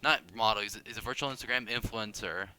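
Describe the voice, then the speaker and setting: A man's voice: lowish voice, fast talker, sharp tone, slight background noise. A young man giving casual gameplay commentary, rambling and self-deprecating, with frequent restarts and tangents. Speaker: gaming video creator.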